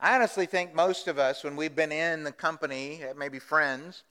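Pastor preaching, high and bright, chatty with the congregation. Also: male voice, moderate pace, clean tone, big-room sound. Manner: conversational, asks the congregation questions. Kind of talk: sermon.

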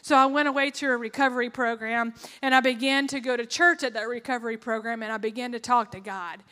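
Bright-voiced woman giving a testimony. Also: fairly high pitch, fairly even intonation, quick pace. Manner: earnest, emotional, with sarcastic asides. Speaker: testimony speaker. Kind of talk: personal testimony talk. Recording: long hall reverb.

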